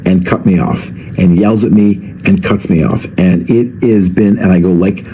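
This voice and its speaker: A man's voice: low-pitched, normal speed, hardly any pauses, mellow, breathy edge, poor audio. A man vlogger telling a story in a casual, wry, chatty way.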